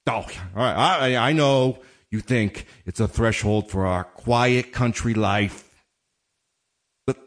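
A man speaking one-sided dramatic monologues, halting and stammering with nervous restarts. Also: medium pitch.

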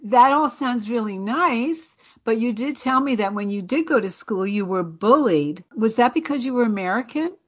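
A woman hosting a radio interview show, asking her guest questions in a measured, friendly way. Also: a little high, lively intonation, a bit bright, husky, muffled recording. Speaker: radio host.

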